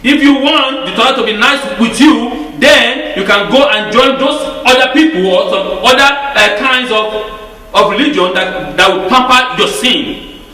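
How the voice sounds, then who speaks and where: A man preaches a sermon in a high, bright voice, pressing his point with rhetorical questions and stumbling restarts. He stands well back from the mic in a hall that rings with heavy echo. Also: moderate pace. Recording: very echoey hall, mic far off.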